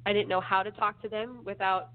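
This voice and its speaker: A woman guest slowly telling her life story in an interview, with measured pauses. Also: medium pitch, fairly even intonation. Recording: phone line with faint hiss.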